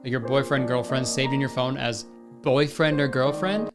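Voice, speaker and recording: A man giving comedic commentary on a story game, sarcastic and deadpan, with frequent profanity. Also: medium pitch, moderate pace, over loud music. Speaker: gaming commentator.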